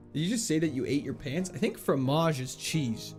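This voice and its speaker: With a voice on the high side and a darkish tone, a young man plays a game on stream and chats casually with viewers, reading their messages, laughing quickly, and joking in mock French. Soft background music is audible.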